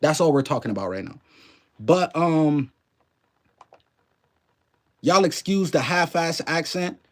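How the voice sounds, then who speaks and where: Chatty streamer with a New Orleans–Canadian accent. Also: male voice, a little high, animated, slow pace. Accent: mix of New Orleans and Canadian. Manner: loose and chatty, swears freely, greets chat viewers by name. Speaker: livestream host. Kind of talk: casual live-stream commentary.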